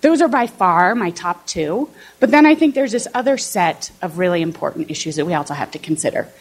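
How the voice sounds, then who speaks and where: A political science professor from southern Illinois, USA, speaks in a rather low, expressive voice at a slightly quick pace. She's giving a conversational talk to fellow teachers and keeps checking in with her audience.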